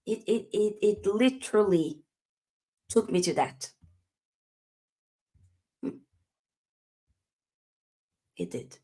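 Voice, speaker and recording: A woman's voice: mid-range voice, sing-song, extremely slow, pauses often, dark tone, husky. A young woman hosting a live football match reaction, ranting emphatically and answering her own rhetorical questions. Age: young adult. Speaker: football channel host.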